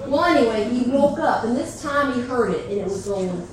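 A woman's voice: on the high side, expressive, moderate pace, a crowd in the background. A woman telling a folk tale together with a partner, drawn out and dramatic, in an echoey, distant live recording with noise. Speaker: storyteller. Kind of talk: tandem folk storytelling.

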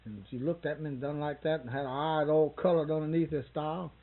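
A man's voice: fairly high pitch, fairly even intonation, fast talker, phone-quality sound. A man in his sixties telling a rambling, folksy anecdote in an interview, acting out both sides of the conversation he recalls. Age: 60s. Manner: rambling folksy storyteller who quotes others. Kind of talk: casual spoken anecdote.

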